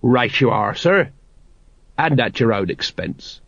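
A man's voice: mid-range voice, very animated, slow, gravelly, a bit bright, dry recording, exaggerated voice. A man voicing a dim, jovial older watch sergeant with a knowing, self-satisfied manner, on a dry, slightly dull recording.

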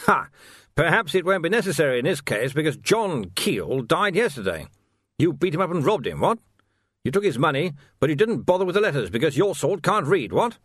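A man's voice: fairly high pitch, fairly bright tone, husky, no room sound, clean studio sound, pitched above the performer's own voice, exaggerated voice. A man voicing a pompous, blustering old army captain in an audiobook, who barks and tacks questions onto his accusations. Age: older. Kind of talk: audiobook character voice.

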